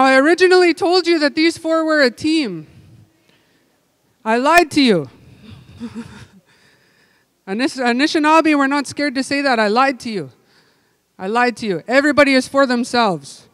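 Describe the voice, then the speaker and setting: A man leading a language-camp group game indoors, calling out playful, energetic instructions. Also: extremely high pitch, clear, resonant tone, dry recording. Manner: energetic, playful, giving loud calls and instructions. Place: indoor room with tables.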